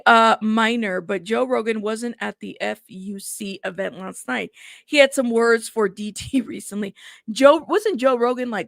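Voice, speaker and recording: A woman's voice: mid-range voice, creaky, fairly bright tone, dry recording, clean studio sound. A woman hosting a casual news commentary show, reading headlines aloud and reacting to them in a chatty way.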